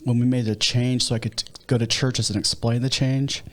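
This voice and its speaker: A man with a Midwestern American accent talks through his story as a guest on a podcast. He is a pastor, and his voice sits at a middle pitch. He talks in an unhurried way and often restarts his sentences. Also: flat delivery. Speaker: nonprofit leader and pastor. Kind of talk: interview conversation.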